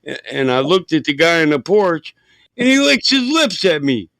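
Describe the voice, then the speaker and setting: A man's voice: a little high, very animated, normal speed, creaky, a bit bright, no room sound. Brash, profane man telling stories. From Michigan. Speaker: podcast host. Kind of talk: casual storytelling.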